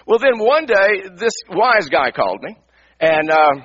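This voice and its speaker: Middle-aged male pastor, high bright husky voice, animated sermon storytelling, lo-fi radio sound. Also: measured pace. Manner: animated, repeats words, acts out his own anger. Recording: dull lo-fi radio broadcast.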